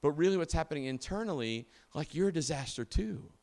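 A man's voice: fairly high pitch, lively intonation, fairly quick, creaky, a little mellow. A middle-aged male pastor preaching a conversational sermon, casual and full of fillers and restarts, often asking the congregation questions.

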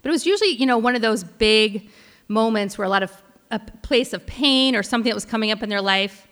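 A woman's voice: on the high side, fast talker, a bit bright, big-room sound. A woman pastor giving a heartfelt sermon, telling a personal story with frequent restarts. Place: large church hall.

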